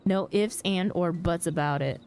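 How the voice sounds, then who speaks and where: A woman's voice: lowish voice, normal speed, darkish tone, clean tone, natural voice. A woman reading the lines of a timid, fretful kobold aloud, repeating herself in nervous strings of synonyms. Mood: anxious fawning. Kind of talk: reading game dialogue aloud.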